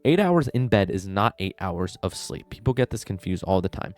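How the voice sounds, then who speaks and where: A man's voice: deep voice, sing-song, normal speed, faint music behind. A young man giving casual fitness advice straight to camera, rambling with lots of "like" fillers and bro slang. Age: young adult. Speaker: fitness vlogger.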